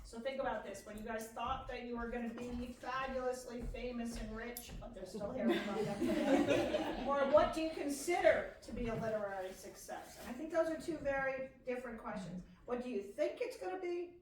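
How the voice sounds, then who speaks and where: A woman's voice: fairly high pitch, brisk, a crowd in the background. A woman librarian with a Pennsylvania accent moderating a library author panel, encouraging and enthusiastic. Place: library meeting room. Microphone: far room mic. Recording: echoey room from far off.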